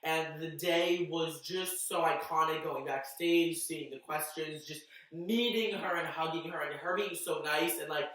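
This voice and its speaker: A young man from Massachusetts telling a fan meet-up story in a vlog, gushing with breathless excitement. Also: fairly high pitch, unhurried, hardly any pauses, far from the mic. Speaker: vlogger. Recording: echoey room, off mic.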